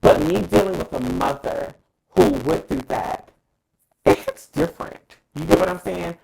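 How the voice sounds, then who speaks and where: Male co-host, lively and gravelly, emphatic and profane in casual opinion talk. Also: high voice, moderate pace, noisy background. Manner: dramatic, emphatic, profane, addresses co-hosts by name.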